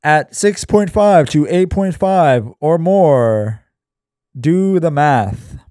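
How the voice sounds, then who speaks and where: A man reading his screenplay aloud in a deadpan, weary way with sarcastic asides. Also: on the high side, slow pace, no echo, clean studio sound.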